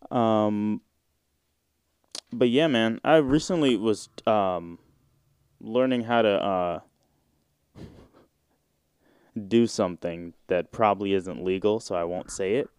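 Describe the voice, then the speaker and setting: Rambling young man, smooth dry voice. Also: on the low side, takes it slowly, pauses often, a little mellow, dry recording. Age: 20s. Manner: rambling and slangy, with frequent fillers and swearing. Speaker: podcast host. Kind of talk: casual solo podcast monologue.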